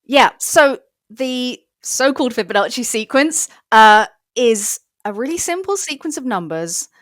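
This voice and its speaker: A woman's voice: fairly high pitch, animated, unhurried, fairly bright tone, no echo, studio quality. A woman mathematician explaining patiently, step by step, as an interview guest.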